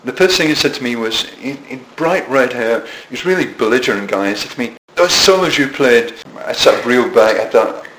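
A man's voice: mid-range voice, lively intonation, brisk, hardly any pauses, a bit bright. Scottish guy in his 70s spinning yarns, lots of restarts, roomy sound, faint hiss. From Scotland. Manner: rambling, self-mocking anecdotes with frequent restarts. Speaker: interviewee. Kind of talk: storytelling interview. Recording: echoey room with faint noise.

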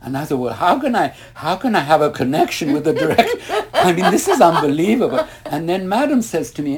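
An older man from an Irish family, a guest in an interview, reminiscing at length with an animated manner, acting out the voices of the people in his stories and laughing often. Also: fairly high pitch, brisk. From Ireland. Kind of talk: reminiscing storytelling.

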